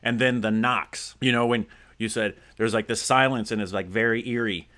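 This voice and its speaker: A man's voice: on the low side, steady tone, normal speed, sharp tone. A man hosting a podcast in casual chat, rambling with lots of fillers and restarts. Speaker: podcast host.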